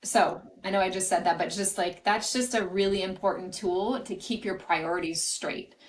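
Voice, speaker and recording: A woman's voice: mid-range voice, steady tone, moderate pace, low-quality recording. A woman career coach, a podcast guest, explaining her advice earnestly and often restarting phrases. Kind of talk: podcast interview answers.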